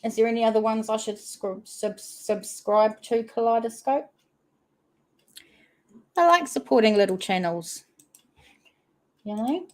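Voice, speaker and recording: Slow-talking woman livestream host. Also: a little high, a little mellow. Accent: New Zealand. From New Zealand. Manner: chatty, reads viewer comments aloud. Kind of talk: casual livestream chat.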